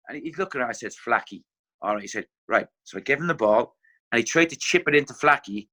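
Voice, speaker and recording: A middle-aged man with an Irish accent, a former footballer telling animated anecdotes as a podcast guest, acting out what others said. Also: medium pitch, fast talker. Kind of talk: casual podcast storytelling.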